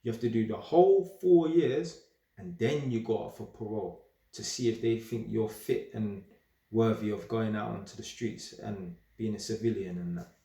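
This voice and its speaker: A young man giving a casual, straight-talking monologue in streetwise slang, animated and emphatic and often repeating himself. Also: on the low side, moderate pace. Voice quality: streetwise slang-heavy talk. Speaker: vlogger. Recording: roomy echo.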